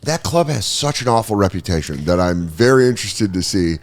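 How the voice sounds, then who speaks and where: A man's voice: lowish voice, lively intonation, a little fast. A man hosting a podcast in casual chat, a profane storyteller who laughs at his own stories. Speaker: podcast host.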